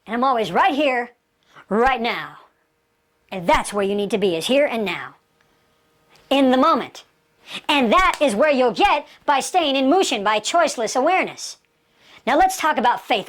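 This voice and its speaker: A woman giving a motivational martial arts lecture, emphatic, asking rhetorical questions and repeating key phrases. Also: a little high.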